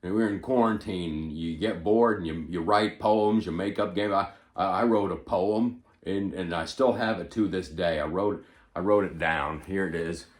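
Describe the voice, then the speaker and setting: A male comedian doing an impression of a rambling, forgetful elderly male politician, stumbling over repeated words with sudden loud bursts. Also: deep voice, moderate pace, reverberant, natural voice. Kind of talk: stand-up impression monologue.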